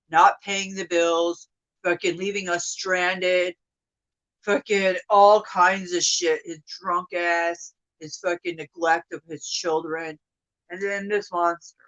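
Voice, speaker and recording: A woman in her thirties venting to her viewers in an upset, profane monologue that swings from loud outbursts to hushed mutters. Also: on the low side, low-quality recording. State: upset, emotional. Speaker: vlogger.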